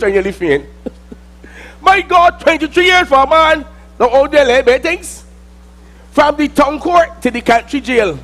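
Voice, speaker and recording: A man with a Barbadian accent delivers a theatrical spoken-word monologue, swinging between loud outbursts and quiet mutters.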